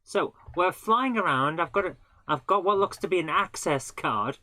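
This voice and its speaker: A woman's voice: lowish voice, animated, moderate pace, bright, forceful tone. A woman hosting a live gaming stream, chatting casually and laughing at her own mistakes as she plays. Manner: chatty, self-mocking, laughs often. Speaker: live-streaming game host. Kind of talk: casual live gameplay commentary.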